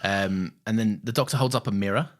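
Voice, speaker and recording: A man's voice: on the low side, a little fast. A man co-hosting a podcast, talking enthusiastically and swearing freely in casual chat. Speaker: podcast co-host.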